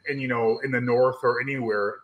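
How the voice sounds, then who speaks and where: A man's voice: medium pitch, steady tone, fairly quick, phone-quality sound. A man co-hosting a podcast in casual chat, teasing and joking with his partner. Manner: teasing, jokey. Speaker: podcast co-host.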